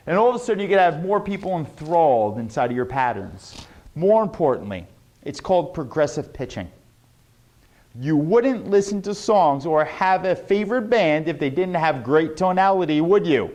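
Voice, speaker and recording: Man swooping his pitch dramatically. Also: lively intonation, darkish tone. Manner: swooping exaggerated pitch, emphatic and drawn out; rhetorical questions, fast asides. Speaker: sales trainer. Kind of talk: motivational sales lesson.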